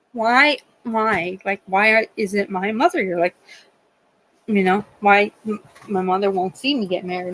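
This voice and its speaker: On her live stream, this middle-aged northeastern Pennsylvania woman talks emotionally and loosely, often beginning sentences again. The audio is low quality, and her voice sits at medium pitch.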